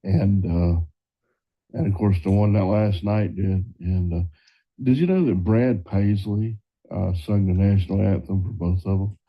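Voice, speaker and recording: A man's voice: deep voice, a little slow. A man on a podcast sharing a fun fact in a hesitant, wry casual chat. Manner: hesitant, full of fillers, wry. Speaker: podcast co-host. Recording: dull lo-fi podcast audio.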